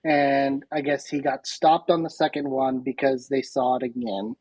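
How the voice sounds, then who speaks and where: A woman's voice: rumbling low, steady tone, normal speed, a little mellow, husky, no echo, rough recording. A woman guest on a podcast, a chatty, self-deprecating storyteller in casual conversation. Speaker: podcast guest, competitive shooter.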